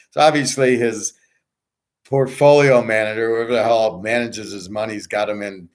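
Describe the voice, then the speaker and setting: A man's voice: lowish voice, fairly even intonation, moderate pace. A middle-aged man ranting casually as a sports-picks host, blunt, boastful and profane, rambling from one point to the next. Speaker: sports betting tipster and host.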